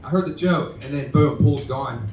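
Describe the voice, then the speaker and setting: A young open-mic comedian with a medium-pitched, darkish voice at normal speed delivers a rambling, profane set that pokes fun at himself and answers back to the crowd. The distant recording catches the bar's echo along with a little hiss or hum.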